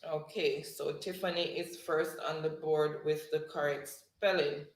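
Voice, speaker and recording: Slow-talking woman hosting a livestream. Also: sits low, fairly even intonation. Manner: warm thanks, slow word-by-word calling of spelling words. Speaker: livestream host. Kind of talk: reading live chat and hosting a spelling game. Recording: roomy echo.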